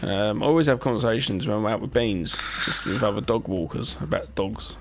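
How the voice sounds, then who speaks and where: A man's voice: lowish voice, fairly quick, slight background noise. A man co-hosting a horror podcast, laid-back and rambling, cracking jokes and swearing. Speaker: podcast co-host. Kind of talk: casual chat.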